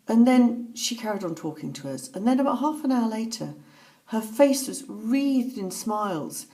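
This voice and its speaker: A woman speaking softly and haltingly, telling a personal story as reflective testimony. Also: on the high side, animated. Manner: soft-spoken, halting, with pauses and fillers. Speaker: author recounting a personal story.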